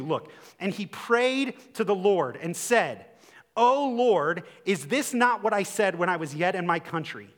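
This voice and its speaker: A man preaching a sermon in an animated way, acting out quotes with a rising voice. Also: high-pitched. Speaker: pastor. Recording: long hall reverb.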